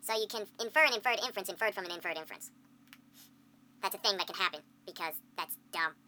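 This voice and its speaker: Woman podcast co-host, dry blunt humor, very bright edgy voice. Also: mid-range voice. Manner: wry, blunt, quick to call things dumb. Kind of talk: casual chat.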